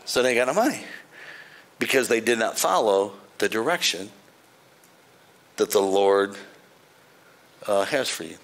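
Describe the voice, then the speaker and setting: A male pastor preaching a sermon with jokes, swinging between shouted praise lines and quiet, dry asides to the congregation. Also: on the low side, expressive, unhurried, long pauses.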